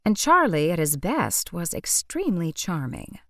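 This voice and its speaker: A woman narrating an audiobook in a measured, wry way. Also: on the low side, wildly swooping pitch, no echo, clean studio sound. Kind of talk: scripted narration.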